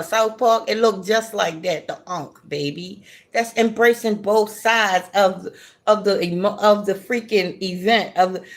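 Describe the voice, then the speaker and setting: A woman vlogger, chatting during a mukbang with a playful, animated delivery and sudden high rises. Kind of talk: mukbang chat.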